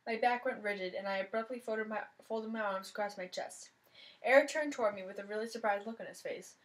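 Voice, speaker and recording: A woman's voice: mid-range voice, a little fast, poor audio. A woman reading a mystery novel aloud, telling the story in the first person with plenty of expression. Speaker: reader of a novel.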